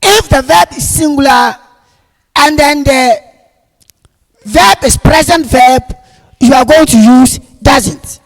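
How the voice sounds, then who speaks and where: A man with a very high, gravelly voice teaching grammar at a deliberate, unhurried pace. He repeats each point and punches key words loudly. A long reverb trails behind every phrase. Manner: slow and repetitive, stressing key words loudly. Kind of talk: classroom grammar lesson. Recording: long reverb, echoey room.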